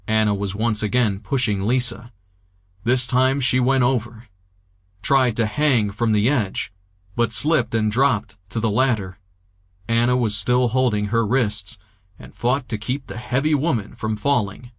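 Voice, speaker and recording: A man narrating an audiobook in a steady, even reading voice, recorded close to the mic. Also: fairly low pitch, a little slow, no echo. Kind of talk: scripted narration.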